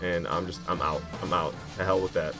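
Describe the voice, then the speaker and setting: A man giving casual, excitable commentary while playing a video game, slangy and quick to mock himself. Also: deep voice, over music. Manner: excitable, self-mocking, slangy. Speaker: gaming commentator.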